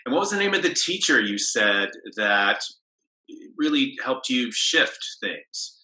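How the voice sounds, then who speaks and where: A man's voice: medium pitch, very animated, measured pace, pushed and bright. A male interviewer asking attentive questions and affirming the speaker's answers. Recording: roomy echo.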